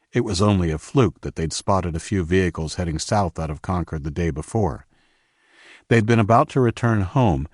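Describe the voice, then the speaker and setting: Deep-voiced male audiobook narrator. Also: darkish tone, dry recording, clean studio sound.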